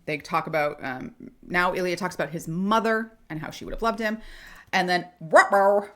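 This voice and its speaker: A woman's voice: on the low side, normal speed, a bit bright. A woman co-hosting a podcast, chatting casually and animatedly about a TV episode, often laughing and acting out quotes. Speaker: podcast co-host. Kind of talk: casual chat recapping a TV episode.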